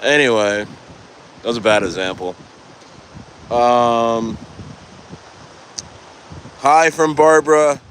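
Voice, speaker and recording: A man on a coastal outdoor livestream rambles through his chat, reading and replying casually, often laughing and leaving sentences unfinished. His mid-range voice is slow with long pauses, a bit bright, and carries a little hiss or hum.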